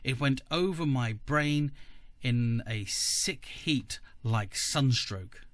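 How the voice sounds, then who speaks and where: A man, a podcast co-host, reading a story aloud in measured first-person narration. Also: medium pitch, no room sound. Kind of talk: audiobook reading.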